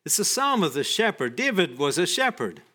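A man preaching a sermon in a measured way, often letting his voice drop softly at the ends of phrases. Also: on the high side, sing-song. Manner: slow, measured, drops soft at phrase ends.

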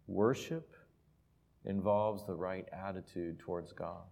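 A man preaching a sermon and telling a personal story, moving from quiet, intimate asides to loud, emphatic peaks. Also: on the low side, moderate pace. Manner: emotional, builds from soft asides to loud emphasis. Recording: reverberant hall.

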